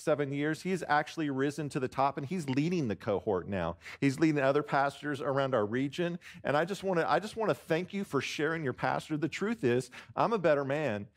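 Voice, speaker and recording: A man preaching as a guest pastor, his voice sitting on the higher side. He jokes at his own expense and calls out to the congregation for answers. His sentences often restart on the way. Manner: jokey, warm-hearted, self-deprecating, lots of restarts. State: choked up near tears. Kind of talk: sermon with congregation call-and-response. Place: church sanctuary.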